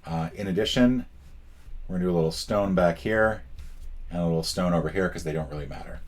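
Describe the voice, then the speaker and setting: Low husky guy talking thru a solo board game, dry jokes, counting squares out loud. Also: a little fast. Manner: wry, self-mocking, thinking aloud while counting spaces. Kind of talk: casual playthrough commentary.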